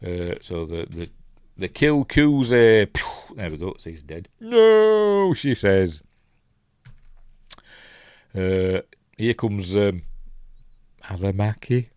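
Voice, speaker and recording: A man's voice: deep voice, slow pace, pauses often, darkish tone, clean tone, dry recording, studio quality. A Yorkshire man hosting a casual live film breakdown. He rambles, thinks aloud and reads out viewer comments. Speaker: film reviewer host.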